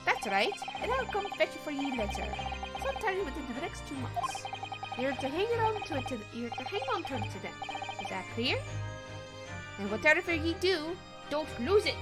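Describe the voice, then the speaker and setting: A woman voicing a menacing older male pawnbroker who threatens slowly in a lowered voice. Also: very animated, loud music behind the voice. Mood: commanding. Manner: threatening, slow and low.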